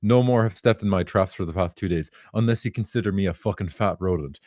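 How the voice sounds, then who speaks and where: A young man, co-hosting a podcast and ranting excitedly with plenty of swearing. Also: sits low, quick pace, dry recording. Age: young adult. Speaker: podcast co-host. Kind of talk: casual chat.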